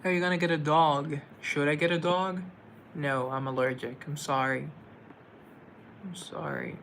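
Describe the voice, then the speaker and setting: Slow, gravelly man chatting. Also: on the high side, steady tone, a bit bright, a little hiss or hum. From United States. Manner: playful, joking, talks to himself. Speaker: livestream host. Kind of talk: casual livestream chat reading comments.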